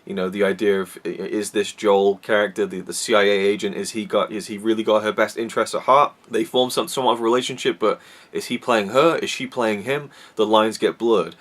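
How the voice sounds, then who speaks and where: Man, lowish voice, casual movie review, rambling, lots of fillers. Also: steady tone, fairly quick, fairly bright tone. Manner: rambling, many restarts and fillers. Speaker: film reviewer.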